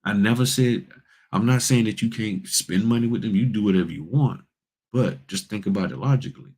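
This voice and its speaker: Husky low-voiced man. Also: fairly quick. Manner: blunt, folksy and animated, often addressing viewers as y'all. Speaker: notary public and livestream host. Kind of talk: casual livestream talk to viewers.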